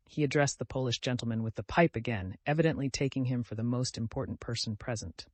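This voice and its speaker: A man narrating an audiobook in an expressive, animated reading. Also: medium pitch, quick pace, hardly any pauses, no room sound.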